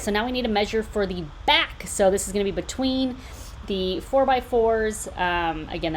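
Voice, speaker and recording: A woman's voice: fairly low pitch, a little hiss or hum, poor audio. A woman in her thirties hosting a DIY tutorial, explaining the steps in an upbeat, chatty way with casual asides. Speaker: DIY builder and tutorial host. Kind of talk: step-by-step DIY tutorial voice-over.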